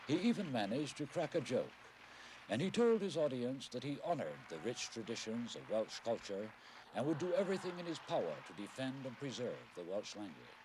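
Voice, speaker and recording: A middle-aged man narrating a television news report in a measured, wry documentary style. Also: mid-range voice, noisy background.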